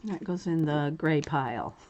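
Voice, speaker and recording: A woman's voice: deep voice, animated, takes it slowly, highs cut off, noisy background. A woman hosting a crafting livestream, chatting casually and greeting viewers by name while she cuts and sorts art cards. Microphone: camera mic set low on the desk.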